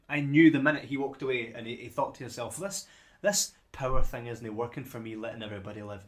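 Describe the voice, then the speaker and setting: A male co-host on a casual film podcast speaks quickly at a medium pitch, his tone steady and hardly pausing. His talk rambles, with repeated words, as he gradually gets to the point.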